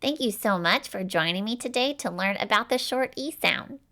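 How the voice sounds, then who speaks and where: A young woman teaching a children's phonics lesson, slow and clear, stretching out each sound and cheering the listener on. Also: medium pitch, expressive, bright, forceful tone.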